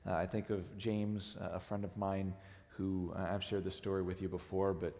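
A hoarse man in his forties, the lead pastor, preaching a sermon in a halting, earnest way with many restarts. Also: deep voice, flat delivery, mellow. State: hoarse, strained voice. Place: church sanctuary. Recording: long hall reverb.

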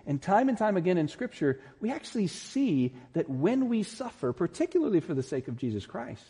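A man's voice: high-pitched, sing-song, a little fast, few pauses, mellow, husky. A man preaching a sermon as pastor, earnest and emphatic, building to peaks. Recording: long reverb in a large hall.

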